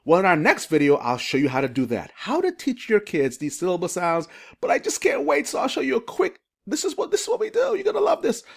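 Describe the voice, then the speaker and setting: A reading teacher speaking to parents in an educational video, asking questions and slowly sounding out letters and syllables. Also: medium pitch, wildly swooping pitch, gravelly, breathy edge. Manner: sounds out phonics slowly and asks the viewer questions.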